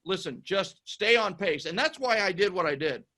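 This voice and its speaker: A man's voice: high-pitched, expressive, moderate pace, bright, forceful tone. A man appearing as a guest, talking in an upbeat, encouraging way and checking in with asides. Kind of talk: motivational conversation.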